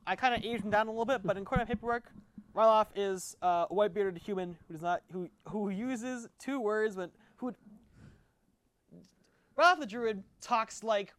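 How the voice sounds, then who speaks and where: A woman narrating as game master, quick and chatty, often laughing. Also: medium pitch, no room sound.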